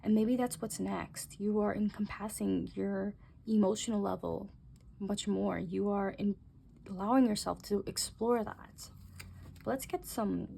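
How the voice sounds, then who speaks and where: A young woman doing a casual tarot reading, talking gently and musing aloud, with soft exclamations as she turns the cards. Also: mid-range voice, a little slow, creaky, slight background noise. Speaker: tarot reader.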